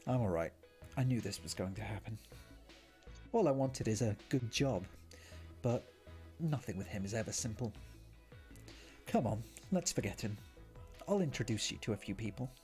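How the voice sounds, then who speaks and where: A streamer reading a gentle, courtly young gentleman. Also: on the low side, animated, normal speed, pauses often, faint music behind, close to an everyday voice. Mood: earnest. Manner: gentle, earnest, light French flourishes. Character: kind, gentlemanly young rich man.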